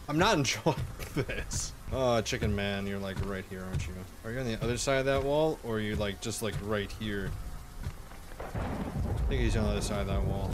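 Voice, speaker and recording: A man's voice: fairly low pitch, normal speed, over music. A young man hosting a gaming channel, rambling through a horror game in let's play commentary and yelping and swearing when startled. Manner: rambling, jumpy, yelps and swears at scares.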